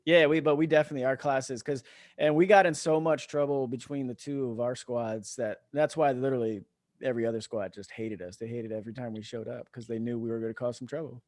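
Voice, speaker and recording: A man's voice: medium pitch, steady tone, fast, darkish tone, dry recording, clean studio sound. A man on a remote call, telling stories in a laid-back, casual way, swearing freely and chuckling as he goes. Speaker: podcast guest, retired veteran. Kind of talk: casual storytelling.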